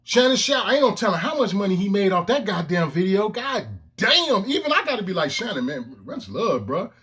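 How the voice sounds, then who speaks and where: A man's voice: high voice, expressive, fast talker, a bit bright, slightly rough. A man ranting to his own camera in heated, profane commentary, with emphatic outbursts. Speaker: vlogger. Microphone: camera lens, self-recorded.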